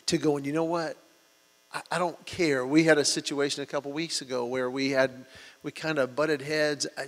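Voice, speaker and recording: Medium in pitch with some vocal fry, this pastor's sermon leans on storytelling and lively, acted-out quotes. Hall reverb and mains hum color the recording.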